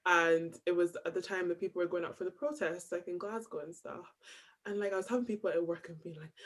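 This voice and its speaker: A woman's voice: fairly low pitch, fairly even intonation, fast talker. A young woman on a panel, speaking reflectively and casually, using "like" constantly. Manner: reflective, heavy use of "like".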